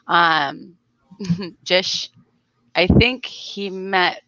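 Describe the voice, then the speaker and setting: A woman's voice: on the low side, very slow, bright, forceful tone, dry recording, highs cut off. A woman from South Florida hosting a casual livestream and greeting her viewers by name. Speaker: livestream host.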